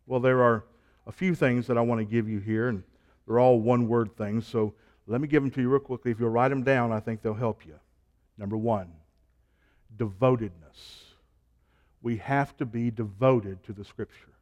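A man preaching a sermon, stacking emphatic repeated phrases and dropping to a low, quiet delivery between them. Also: steady tone, normal speed.

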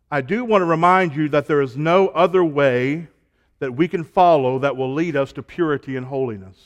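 Preacher building emphatic lists. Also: male voice, muffled recording. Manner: rising to emphatic repeated lists, then dropping low. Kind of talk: sermon.

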